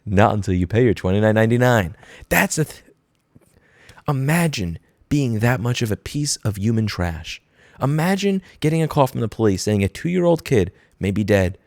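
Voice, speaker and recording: Low-voiced man ranting with profane sarcasm. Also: very animated, moderate pace, no room sound, studio quality. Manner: mocking, switching into put-on corporate voices. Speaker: commentary host. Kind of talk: angry commentary rant. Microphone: studio microphone.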